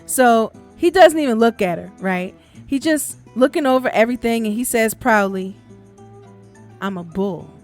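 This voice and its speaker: A woman with a somewhat high voice hosting a podcast, spinning folk tales in a loose, chatty way. She laughs easily between lines, over faint background music. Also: expressive, moderate pace. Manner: laughs often, casual, chatty. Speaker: podcast host and storyteller. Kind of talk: casual storytelling podcast.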